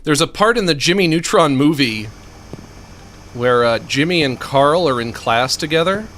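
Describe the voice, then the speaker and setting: Male streamer, lively pitch, chatty and laughing, quiet noise under the voice. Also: normal speed. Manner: animated, laughs often, mutters to himself while playing. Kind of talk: casual rambling commentary while gaming.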